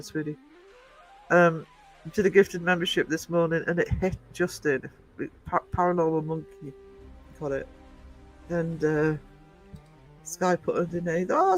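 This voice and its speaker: A woman's voice: on the low side, steady tone, normal speed, soft background music, poor audio. A woman from northern England hosting a casual live stream, chatty, reading out the chat and laughing often. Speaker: livestream host.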